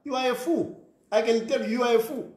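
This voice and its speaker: Ranting Zambian man with a high voice. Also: steady tone, brisk, darkish tone, reverberant. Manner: ranting, scornful, repeats phrases, mixes in local words. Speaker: commentator. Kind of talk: impassioned monologue.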